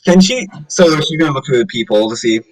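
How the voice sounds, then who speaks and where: A man's voice: fairly high pitch, lively intonation, quick pace, dry recording, distant mic, poor audio. Man thinking aloud as a game player. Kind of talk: casual tabletop game play.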